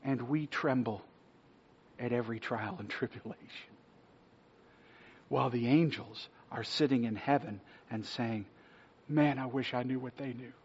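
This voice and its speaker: A male pastor delivers an earnest sermon with a husky, slightly breathy voice, at a middling pitch. He sometimes drops to a hush to press a point home. The recording is dull and lo-fi. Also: unhurried, long pauses. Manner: earnest preaching, dropping to a hush for emphasis.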